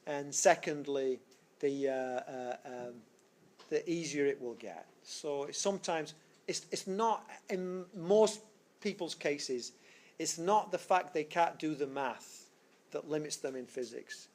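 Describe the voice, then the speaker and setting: A man with a slightly high voice teaches a physics class, talking things through step by step. He rambles, stops to restart his sentences and fills the gaps with plenty of fillers. It sounds like a casual classroom lecture captured for a screencast. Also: takes it slowly, darkish tone. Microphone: screencast recording.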